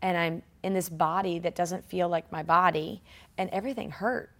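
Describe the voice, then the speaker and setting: Woman, forties, interview guest; lively storyteller who acts out other people's lines. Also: fairly low pitch, moderate pace. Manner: animated, acts out quoted voices, laughs often. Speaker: guest, triathlete.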